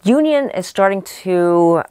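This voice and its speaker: A woman's voice: medium pitch, lively intonation, measured pace, darkish tone, smooth, no room sound. A woman doing a casual spoken tarot reading, rambling with many restarts, and she says she is losing her voice. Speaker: psychic tarot reader.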